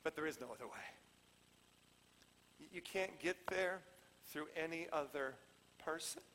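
A man preaching a sermon as pastor in a conversational way, swinging between loud emphatic lines and hushed ones. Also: on the high side, a little slow, a little hiss or hum. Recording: long hall reverb.

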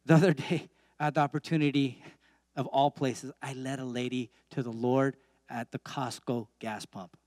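A man's voice: medium pitch, steady tone, moderate pace, darkish tone, dry recording, studio quality. A man preaching a sermon as pastor in a church, emphatic, with repeated calls and amens.

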